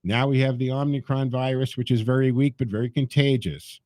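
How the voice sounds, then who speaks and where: Emphatic talk radio host, dark voice. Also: male voice, mid-range voice, fairly even intonation, a little fast, dry recording. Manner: emphatic, sarcastic, speaks straight to listeners.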